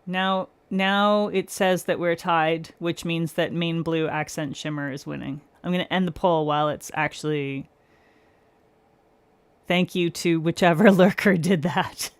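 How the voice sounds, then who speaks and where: On a nail art livestream, a woman chats casually with viewers, calling them by name, laughing often, and walking through her steps as she works. Her voice is on the low side and steady, a little slow, with no room sound.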